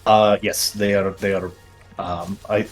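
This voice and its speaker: A man's voice: on the low side, level tone, slow, soft background music. A male streamer chatting while he plays, putting on a fake Russian accent and dropping his articles. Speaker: streamer and host. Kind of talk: casual gaming livestream chat.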